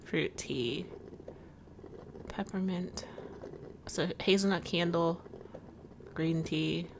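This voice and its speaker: A woman's voice: lowish voice, steady tone, extremely slow, background noise. A woman giving let's-play commentary, chatting and reacting aloud with strong emotion to a story game. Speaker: video game player. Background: game music.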